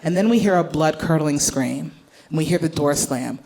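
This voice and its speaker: A woman's voice: low-pitched, moderate pace, vocal fry, a little mellow, slight background noise. A woman comedian telling stand-up stories in a playful, exaggerated way.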